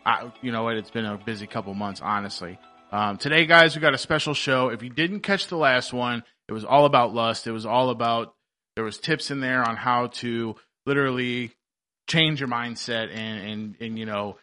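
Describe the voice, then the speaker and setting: A man's voice: medium pitch, moderate pace, sharp tone, faint music behind. A man hosting a faith podcast, chatting casually in an upbeat, rambling way with many fillers and restarts. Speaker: podcast host.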